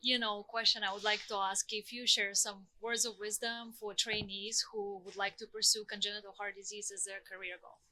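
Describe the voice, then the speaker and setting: A woman hosts the interview with a bright, clear tone. She asks her questions and thanks her guest in a polite, appreciative way. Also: mid-range voice, level tone, brisk, few pauses, low-quality recording.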